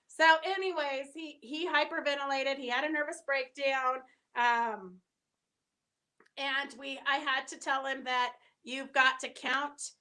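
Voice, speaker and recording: A woman's voice: sits high, a little slow, bright, forceful tone. A middle-aged woman chatting casually on a live stream, answering viewer comments and telling stories with lots of fillers. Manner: chatty, storytelling, many fillers.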